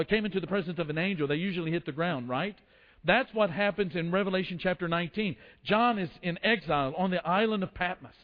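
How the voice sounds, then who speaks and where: A man preaching a sermon, telling the story with acted quotes and frequent restarts. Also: high voice. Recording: dull lo-fi sound in a long-reverb hall.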